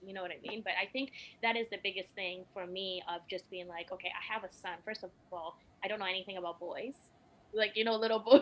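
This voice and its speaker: A woman's voice: medium pitch, bright, forceful tone, low-quality recording. A young woman and podcast guest telling personal stories in casual chat, emotional and laughing often.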